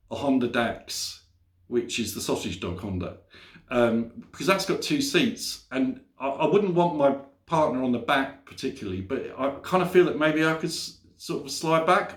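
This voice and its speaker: A man hosts a casual motorcycle vlog. He tells stories in a rambling way and often corrects himself mid-sentence. He speaks at an average pitch, with a roomy echo around the voice. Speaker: motorcycle vlogger. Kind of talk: casual storytelling to camera.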